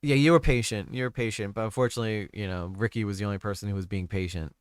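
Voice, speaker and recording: A young man hosts a loose, casual stream chat, swearing freely and trailing off between thoughts. His voice is smooth and resonant, and it sounds close and dry, with little room sound. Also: on the low side, fairly even intonation, fast, no room sound. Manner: crude, rambling, trails off often. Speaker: streamer host.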